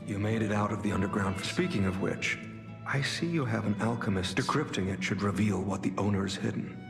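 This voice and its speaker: Low worried ally in a game, measured, echoey with music. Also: male voice, vocal fry. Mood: solemn. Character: grave male ally, worried and secretive. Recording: game audio with long reverb and music.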